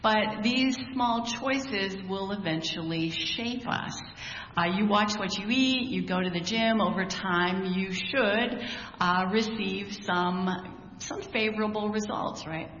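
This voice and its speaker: A woman delivers a conversational sermon at a slow, unhurried pace, piling up rhetorical questions. Her voice carries the long reverb of a large hall. A low rumble and faint noise sit behind it. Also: fairly bright tone. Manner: conversational, prays then preaches with rhetorical questions. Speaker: preacher. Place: church hall. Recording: echoey hall, dull sound.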